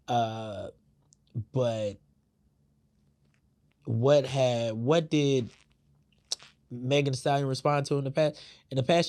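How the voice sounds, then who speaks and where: A man's voice: mid-range voice, darkish tone. A man hosting a podcast, giving heated, profane commentary with lots of fillers. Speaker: podcast host. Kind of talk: casual opinion commentary.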